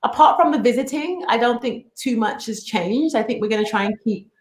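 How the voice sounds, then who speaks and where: A woman's voice: on the high side, brisk. A woman co-hosting a podcast, chatting casually and animatedly with playful teasing. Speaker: podcast co-host. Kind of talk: casual chat. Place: home in the States. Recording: roomy echo.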